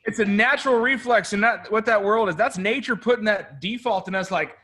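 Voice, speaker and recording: High-voiced animated sales trainer man. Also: brisk. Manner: animated, coaxing, calls out to the room. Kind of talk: energetic group coaching session.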